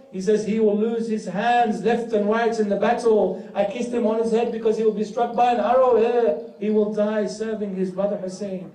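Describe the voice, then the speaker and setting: A man's voice: normal speed, dark tone. A man telling a tragic story in a sermon, rising into an emotional lament. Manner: storytelling that rises to an emotional, high-pitched lament. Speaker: Muharram speaker. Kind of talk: narrated religious sermon. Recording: roomy hall from far off.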